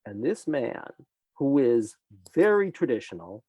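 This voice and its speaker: A man's voice: medium pitch, sing-song, a little slow, dark tone, breathy edge, no room sound, muffled recording. An older man, a psychologist guest, telling a case story in conversation and acting out his clients' lines with animation.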